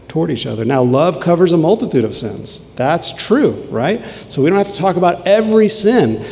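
A man preaching a sermon in an earnest way, swinging from emphatic questions to quiet, low lines, in a church sanctuary. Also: vocal fry. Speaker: pastor. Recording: long hall reverb, faint ambient noise.

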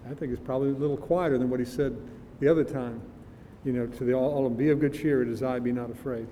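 Older man, sermon, conversational, very dark tone, faint rumble, long reverb. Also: steady tone, quick pace. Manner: conversational, musing aloud, sometimes laughing. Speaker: preacher.

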